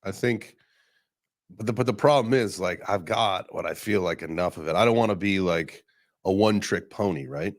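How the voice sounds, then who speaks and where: A man's voice: low-pitched, normal speed. A young man hosting a casual crypto podcast chat, talking loosely with some cursing. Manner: loose, profane banter. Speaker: crypto show host.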